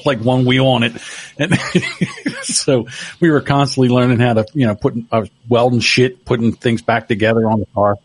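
Husky middle-aged man telling stories. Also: medium pitch, no room sound. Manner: storytelling, laughs often. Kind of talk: casual chat.

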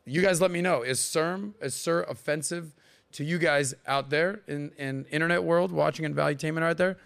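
Animated fortyish man with a gravelly voice. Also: on the high side, normal speed. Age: 40s. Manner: animated storyteller who acts out accents and voices. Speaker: podcast host. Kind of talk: casual chat.

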